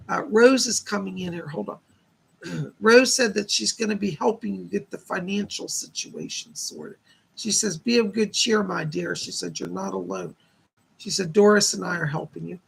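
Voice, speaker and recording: Man, psychic medium, live stream host, very gravelly, husky, earnest, reassuring. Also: high voice, fairly bright tone. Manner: earnest, reassuring, thanks donors with blessings.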